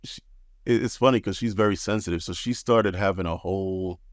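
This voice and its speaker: A man's voice: low voice, a little fast, dry recording, studio quality. A man in his thirties, a podcast guest telling his story in a laid-back, frank way, swearing freely. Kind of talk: casual storytelling.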